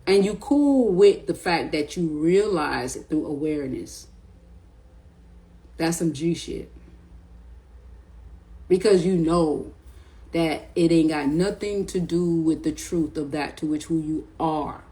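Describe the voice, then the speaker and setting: This middle-aged woman's voice sits low and warm as she slowly discusses spiritual awareness to camera, leaving long pauses. She rambles in a loose, slangy way, repeating her words often, on a low-quality recording.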